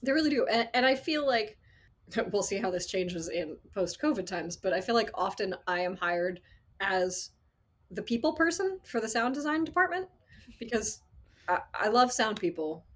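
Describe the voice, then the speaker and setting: A woman working as an associate sound designer, telling stories in a casual interview, animated and acting out quotes with frequent laughs. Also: mid-range voice, normal speed. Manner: animated storyteller, acts out quotes, laughs often.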